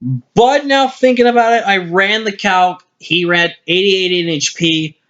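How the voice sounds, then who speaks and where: Unhurried, his voice sits high and sounds a bit bright. This weary gaming commentator hiccups while rambling over a replay and correcting himself, all on a lo-fi screen-capture mic.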